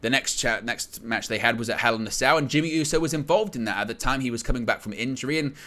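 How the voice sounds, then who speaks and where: Male host, bright forceful voice, animated recap storyteller, casual commentary. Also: medium pitch, quick pace. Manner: animated storytelling, acts out quoted lines. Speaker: wrestling news host. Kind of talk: solo wrestling recap commentary.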